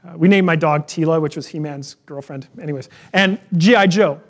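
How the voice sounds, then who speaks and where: Guy preaching a sermon, kinda high voice, chatty and storytelling. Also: fairly quick. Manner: conversational, storytelling with personal anecdotes. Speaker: pastor.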